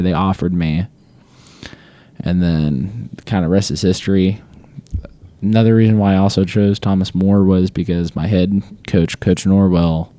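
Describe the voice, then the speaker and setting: Low, dark-voiced young man chatting casually. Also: no room sound. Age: young adult. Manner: laid-back, rambling with many fillers. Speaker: student athlete guest. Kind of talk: casual interview chat.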